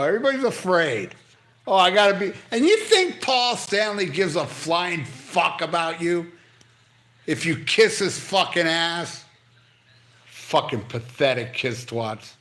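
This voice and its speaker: An older man hosting a casual livestream, reading comments and ranting bluntly with lots of swearing while on pain medication. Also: fairly high pitch. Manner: blunt, profane, animated ranting. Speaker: livestream host.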